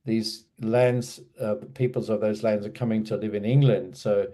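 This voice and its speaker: A man's voice: lowish voice, fairly even intonation, normal speed, warm tone. A man, recalling a story in a hesitant, rambling way with many fillers. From Australia. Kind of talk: casual spoken recollection.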